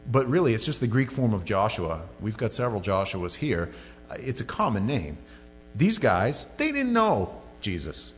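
A man's voice: fairly low pitch, big pitch swings, normal speed. A male pastor preaching a sermon in a conversational, joking way with many asides. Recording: lo-fi sermon recording in a reverberant hall with faint music.

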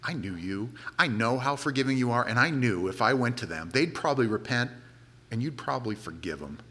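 A man voicing a resentful prophet, muttering low complaints at God. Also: fairly quick, pushed and bright. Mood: sulking.

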